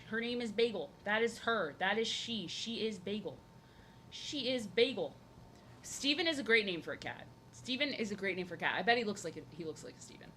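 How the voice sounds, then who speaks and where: This young art streamer has a sharp-toned voice, with a little hiss or hum in the recording. She draws and rambles chattily, breaking off to sing-song at her cat in a high voice.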